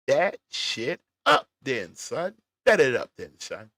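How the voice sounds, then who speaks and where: A man's voice: mid-range voice, wildly swooping pitch, slow, bright, forceful tone, no room sound, clean studio sound. A man giving blunt, profane reaction commentary on a clip, mocking and riffing on what he watches. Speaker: commentary vlogger.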